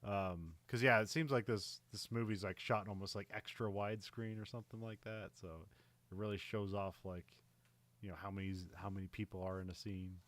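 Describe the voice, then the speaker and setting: A man with a fairly low voice talks through the scenes of an old war film, padding his sentences with fillers and little laughs. His voice sounds dry and close to the mic. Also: steady tone, fairly quick, fairly bright tone, no room sound. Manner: rambling, many fillers and laughs. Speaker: podcast co-host. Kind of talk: casual movie recap chat.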